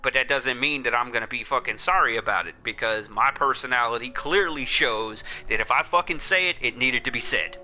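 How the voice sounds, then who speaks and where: A man's voice: mid-range voice, a little fast, few pauses, sharp tone, faint music behind. A livestream host chatting casually, blunt and profane as he tells a rambling story. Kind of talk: casual chat.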